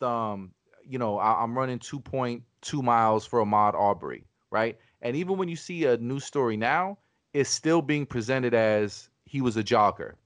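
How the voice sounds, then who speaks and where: A man's voice: mid-range voice, dry recording. A man hosting a podcast, talking in a casual, argumentative way, swearing often and restarting his sentences. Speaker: podcast host.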